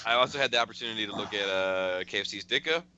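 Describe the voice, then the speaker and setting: A man's voice: on the low side, rapid-fire, lo-fi sound, very noisy. A man co-hosting a casual toy-collecting podcast, rambling with many fillers, restarts and curses. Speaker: podcast co-host. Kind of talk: casual chat.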